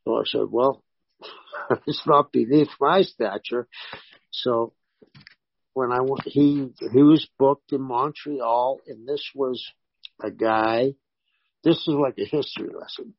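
A man, a former pro wrestler, telling animated stories in a casual interview and voicing the people in them. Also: mid-range voice, takes it slowly, vocal fry, pauses often, breathy edge, dry recording, lo-fi sound. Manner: animated anecdotes with voiced quotes.

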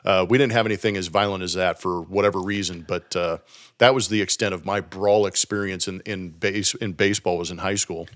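Brief: man from Southern California, former ballplayer, lowish voice, animated storytelling full of fillers. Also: fairly quick. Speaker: former professional baseball player. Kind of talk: casual podcast chat.

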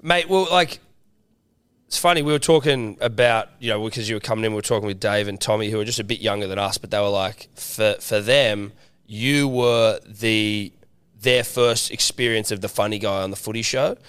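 A man co-hosting a podcast, asking relaxed, friendly interview questions. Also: lowish voice, normal speed, smooth, dry recording. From Australia. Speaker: podcast co-host. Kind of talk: casual interview chat.

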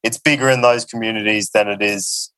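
Australian man, relaxed guest, hesitant ums, dry close sound. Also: on the low side, brisk, no room sound. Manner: easygoing, hesitant, with many ums.

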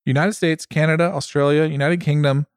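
A man with a fairly high voice chatting on a podcast in a loose, joking, profane way. He is still recovering from a concussion. The sound is close and dry, with no room around it. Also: fairly even intonation, brisk, smooth, no echo. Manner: joking, profane, mock accents. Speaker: podcast co-host. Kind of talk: casual chat.

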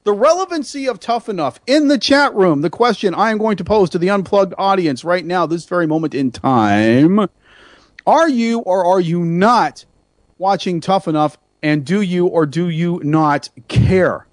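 A man hosting an internet radio talk show, talking in an animated, rambling way with many restarts and self-mocking asides. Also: high-pitched, measured pace, dry recording, clean studio sound. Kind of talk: casual radio chat.

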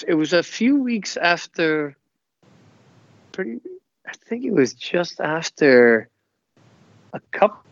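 Upbeat former footballer, dull lo-fi audio. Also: male voice, medium pitch, vocal fry, dry recording. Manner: upbeat, laughing, rambling storyteller. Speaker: guest, former professional footballer. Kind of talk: casual podcast interview.

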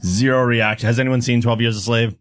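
A man's voice: mid-range voice, steady tone, a little fast, clean tone. A man co-hosting a live podcast awards segment in casual, joking chat. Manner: joking, self-deprecating. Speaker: podcast co-host.

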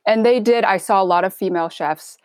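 A woman's voice: medium pitch, fairly quick, no echo. A woman from Michigan with a half Midwestern accent, a chef talking casually and candidly in an interview. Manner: relaxed, candid, chatty with filler words. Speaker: chef guest.

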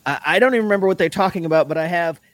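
A man's voice: high-pitched, very fast, slight background noise. A man co-hosting a casual sports podcast, reading his notes and telling stories with lots of laughter. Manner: laughing, animated storytelling. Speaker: podcast co-host.

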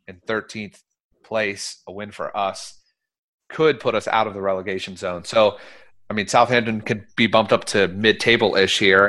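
A man with a fairly low voice hosts a relaxed sports talk show. He gives blunt opinions in a loose, rambling way, full of "um" and "like". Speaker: podcast host. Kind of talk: casual sports chat.

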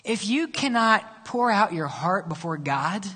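A man preaches from the pulpit with rising fervor, sometimes sinking to a near whisper. His voice sits high and sounds bright and forceful. The sound carries a long church-hall reverb. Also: animated, unhurried, slightly rough. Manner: impassioned preaching, dropping to a hush at times. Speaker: pastor. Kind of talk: sermon. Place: church sanctuary.

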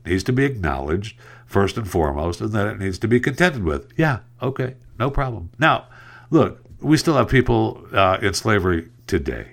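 A sarcastic man hosts a solo news podcast, talking in a very low, deep voice. He rambles from story to story and trips over words as he goes. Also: big pitch swings, moderate pace, gravelly. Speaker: podcast host. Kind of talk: casual solo podcast commentary.

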